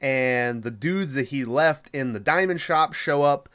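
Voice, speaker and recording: A podcast host casually recapping a film, swearing a lot and rambling. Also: male voice, mid-range voice, unhurried, fairly bright tone, clear, resonant tone. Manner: profane, rambling, laughing.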